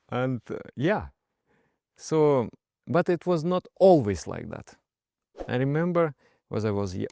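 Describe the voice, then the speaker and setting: A man with a gravelly, creaky voice and a medium pitch tells stories from his own life as a meditation teacher. He speaks as an in an expressive, emphatic way, with frequent hesitations. The sound is dry and close, with no room echo. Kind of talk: personal storytelling talk.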